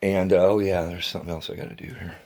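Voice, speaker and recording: Rambling husky-voiced man vlogging. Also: low voice, level tone, fast, darkish tone. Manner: chatty, meandering, grumbling asides. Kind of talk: rambling casual vlog. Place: outdoors near a dumpster.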